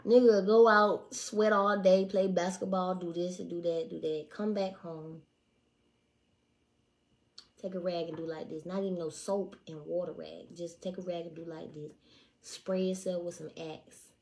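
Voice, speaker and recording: A woman's voice: lowish voice, fairly even intonation, a little slow. A young woman ranting to her viewers in a profane, casual way, swearing hard and repeating lines for emphasis. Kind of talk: profane casual rant to camera.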